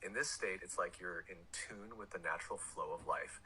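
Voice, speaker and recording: A man explaining spiritual ideas in a smooth, measured, even way. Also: low voice, a little hiss or hum, poor audio.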